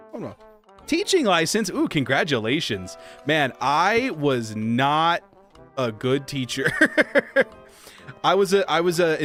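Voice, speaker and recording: A male streamer chatting with his viewers, his voice rather high and bouncing up and down as he talks. He greets people warmly by name and riffs on their messages. Faint jazz plays behind him. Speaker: streamer host. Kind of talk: casual livestream chat. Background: soft jazz music.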